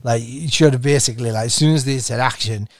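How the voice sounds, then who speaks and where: A man's voice: medium pitch, fast, heavy background noise. A man hosting a podcast, chatting in rambling, giggly tangents. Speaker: podcast host. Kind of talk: casual chat.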